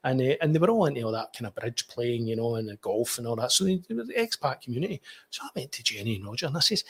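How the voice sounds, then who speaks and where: Husky Scottish man telling stories. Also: medium pitch, very animated, fairly bright tone. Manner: chatty, quick asides, frequent restarts. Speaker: guest journalist. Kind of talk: anecdotal storytelling.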